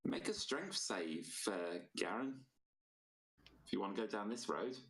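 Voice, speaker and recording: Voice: sits low, expressive, moderate pace, poor audio. A player in a tabletop game, speaking in a playful, teasing way. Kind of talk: casual tabletop game play.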